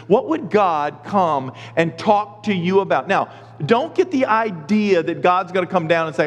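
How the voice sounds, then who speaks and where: A middle-aged pastor preaches with a lively, acted-out delivery, slipping into the voices of the people and of God in his stories. His voice sits a bit high for a man. The sermon rings with the long reverb of a church hall. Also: moderate pace.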